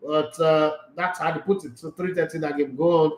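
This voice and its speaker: Guy hosting a football show, high voice, teasing and animated, echoey room. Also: normal speed. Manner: animated, teasing, rhetorical questions. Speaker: sports show host. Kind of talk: casual football preview talk.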